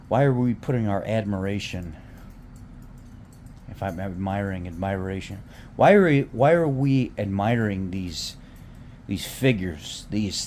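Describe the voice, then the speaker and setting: A man's voice: fairly low pitch, darkish tone, a little hiss or hum. A man in his thirties ranting casually to his viewers, heated and swearing freely, often restarting and repeating words. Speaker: vlogger. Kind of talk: casual rant to camera.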